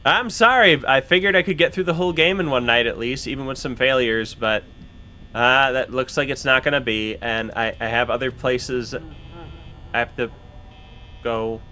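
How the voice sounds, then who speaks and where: A man's voice: mid-range voice, moderate pace, pushed and bright, slight background noise. A man giving casual let's play commentary, rambling and correcting himself mid-sentence with chatty asides.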